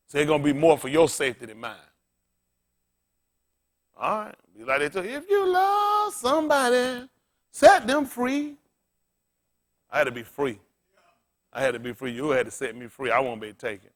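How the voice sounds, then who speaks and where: Lively, bright-voiced preaching man. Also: mid-range voice. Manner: plain-spoken, folksy preaching with call-and-response; asks the congregation questions and restates scripture. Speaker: pastor. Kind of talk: sermon.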